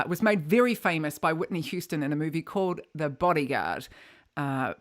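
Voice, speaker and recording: A woman's voice: fairly low pitch, fairly bright tone. A woman with a New Zealand accent hosting a music livestream, chatting casually between songs with plenty of ums and uhs. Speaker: music show host. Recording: faint guitar music behind.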